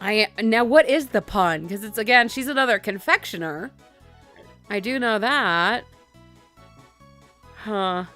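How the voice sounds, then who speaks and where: A woman's voice: medium pitch, animated, unhurried, pauses often, bright, forceful tone. A woman hosting a game let's play, chatting casually with profane, giggly, rambling asides. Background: game music.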